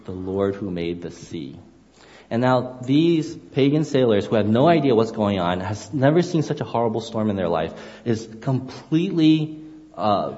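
A man delivers a sermon, pausing to explain Hebrew words and raising his voice for the characters' lines. His voice sits a little low. The recording is dull and lo-fi, with a long reverb trailing off the walls of a large hall. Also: darkish tone. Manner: expository, explains Hebrew words, acts out dialogue. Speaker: preacher.

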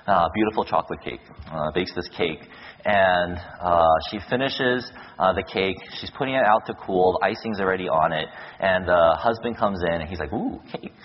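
A man preaching a sermon, telling stories with lively acted-out quotes. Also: deep voice, breathy edge. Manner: animated storytelling with acted-out quotes. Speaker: pastor. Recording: dull echoey hall, lo-fi.

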